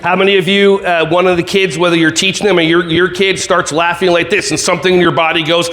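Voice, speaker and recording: In a conference hall, a man addresses a live audience with a playful, jokey motivational keynote, punctuated by silly laser sound effects. His high voice is level in tone and a bit bright, and he speaks quickly with hardly any pauses.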